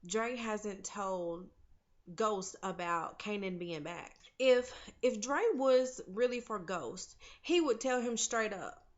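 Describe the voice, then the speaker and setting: A woman's voice: medium pitch, takes it slowly, lo-fi sound. A woman casually recapping a TV episode, opinionated and chatty, talking straight to her viewers as "y'all" and "honey". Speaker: TV recap vlogger.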